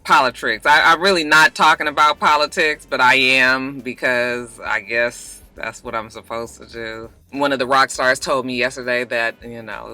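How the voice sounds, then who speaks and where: A woman's voice: rumbling low, fairly even intonation, moderate pace, few pauses, bright, forceful tone, dry recording, faint music behind. A woman hosting a casual chat vlog, talking bluntly with sassy asides and a slightly thick mouth from a dental retainer. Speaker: vlog host. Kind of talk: casual chat about celebrity news.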